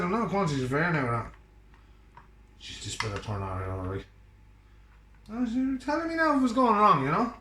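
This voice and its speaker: A bright, lively Irish man jokes his way through cooking at home and teases someone off camera. His voice sits a little high and swings up and down a lot. He sounds like he is in an echoey kitchen. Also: slight background noise. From Ireland. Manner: chatty, joking banter with an off-camera partner. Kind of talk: casual chat while cooking.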